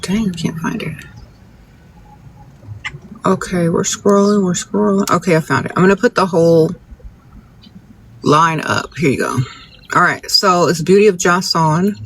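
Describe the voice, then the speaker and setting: A man's voice: sits high, a little slow, creaky, pauses often, fairly bright tone, slight background noise. A man hosting a live phone stream outdoors, reading out viewer questions and giving blunt, sassy, no-nonsense relationship advice straight to the audience. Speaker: advice-giving livestream host. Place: outdoors, birds nearby.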